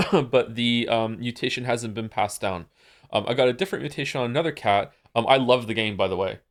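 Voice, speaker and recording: Streaming from home, a man chats casually with his viewers in a brisk, mid-range voice. He rambles, using lots of fillers and restarts, and he's losing his voice.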